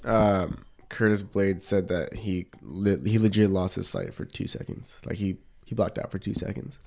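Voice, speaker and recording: Male podcast co-host with a lowish voice, relaxed and conversational, chimes in briefly. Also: moderate pace, creaky. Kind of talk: casual chat.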